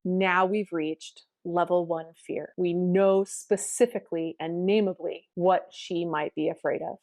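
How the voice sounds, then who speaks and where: Calm woman telling a lesson story. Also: lowish voice, measured pace, hardly any pauses, no echo, studio quality. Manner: calm, reflective, explanatory. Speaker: piano teacher. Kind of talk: storytelling anecdote.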